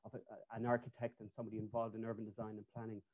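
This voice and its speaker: Over dull, lo-fi call audio, an Irish man who works as an architect delivers a loose, chatty webinar talk on a video call. His voice is lowish and fairly flat in pitch, and he talks rapid-fire, often restarting and using fillers.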